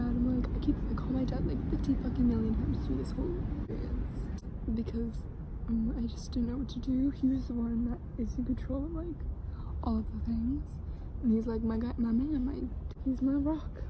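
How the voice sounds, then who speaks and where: A woman's voice: fairly high pitch, noisy background. A teenage girl vlogging a casual storytime, rambling with lots of swearing and restarts. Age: teens. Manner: rambling, swears a lot, many restarts and fillers.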